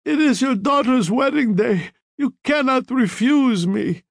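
A man's voice: high voice, lively intonation, takes it slowly, darkish tone, husky, dry recording, clean studio sound, voice pushed up, heavily acted. A man reading a book aloud, voicing a feverish dying old man who begs and cries out for help. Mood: sly. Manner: desperate pleading, crying out.

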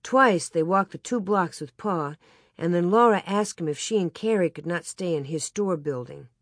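Storybook narrator, even clear reading, close mic, dry sound. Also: mid-range voice, moderate pace, no room sound. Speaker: audiobook narrator.

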